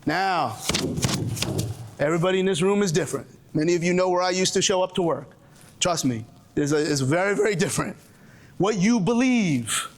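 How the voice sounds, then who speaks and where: Brooklyn-accented male presenter, fairly high voice, jokey, stop-start delivery, live seminar room. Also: brisk, a little hiss or hum. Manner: joking, with frequent restarts and audience call-outs. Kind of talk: animated live seminar talk. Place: lecture room with a live audience.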